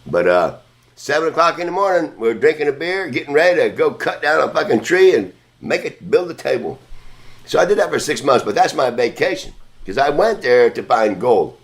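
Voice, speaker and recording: A man's voice: a little high, very animated, moderate pace. A man hosting a podcast, telling a long story in a casual, rambling, profane way. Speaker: podcast host.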